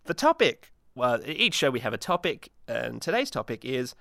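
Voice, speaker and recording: A man hosts his own solo podcast in a manic, rambling voice that is bright and forceful. He leaps up and down in pitch, trips over his words and drops dark jokes deadpan. The sound is dry and close. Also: a little fast, creaky, hardly any pauses, no echo. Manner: manic, self-mocking, many restarts. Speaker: podcast host.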